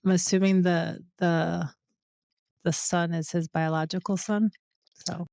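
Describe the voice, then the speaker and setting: A woman who is a guest on a podcast, talking in an even, slightly hesitant way, with a dull, lo-fi sound. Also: lowish voice, measured pace, creaky, smooth, dry recording. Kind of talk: casual chat.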